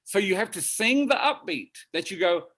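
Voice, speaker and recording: Encouraging high-voiced man coaching singers. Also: lively intonation, moderate pace, a bit bright. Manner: encouraging, demonstrative, sings and speaks example phrases. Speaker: vocal coach and pianist. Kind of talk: virtual master class coaching. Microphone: video call.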